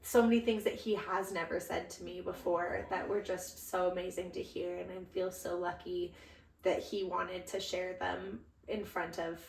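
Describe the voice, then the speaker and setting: A young woman co-hosting a podcast, telling a story in a casual, animated way with lots of laughs. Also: lowish voice, moderate pace, creaky. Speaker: podcast co-host. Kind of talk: casual chat. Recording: roomy, distant from the mic.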